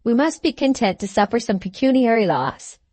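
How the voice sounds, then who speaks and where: A woman's voice: fairly high pitch, expressive, moderate pace, a little mellow, no echo. Woman doing a fussy wheedling little lawyer. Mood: coaxing. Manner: wheedling, keeps saying "my dear sir". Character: fussy little male attorney, ingratiating.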